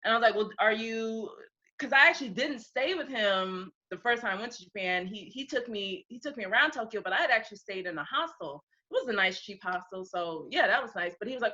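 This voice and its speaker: A woman's voice: mid-range voice, fairly quick, muffled recording. A woman from the United States telling stories in a casual interview, laughing, swearing and acting out what people said. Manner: animated, laughing, swearing, acts out quotes. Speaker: interview guest.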